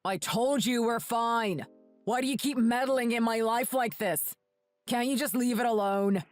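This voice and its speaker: A woman's voice: on the high side, a little slow, no room sound, soft background music, close to an everyday voice. A woman reading a rude, snappish grown son. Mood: irritated. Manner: snappish, contemptuous. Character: rude, ungrateful adult son.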